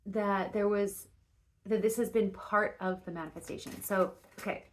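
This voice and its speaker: A woman's voice: medium pitch, fairly even intonation, normal speed. A woman giving a casual spoken tarot reading, rambling and restarting her sentences, with frequent fillers and casual swearing. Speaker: tarot reader.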